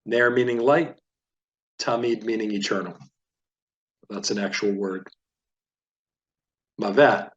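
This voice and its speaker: A man teaching a Biblical Hebrew reading lesson, patiently sounding out each word and then explaining it at a relaxed teaching pace. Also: fairly low pitch, highs cut off. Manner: patient, explanatory, repeats words slowly for learners.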